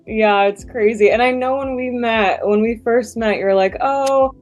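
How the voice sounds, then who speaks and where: A woman's voice: fairly high pitch, unhurried, soft background music. Chatty woman on a video call. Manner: chatty, thankful. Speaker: coaching client on a webinar.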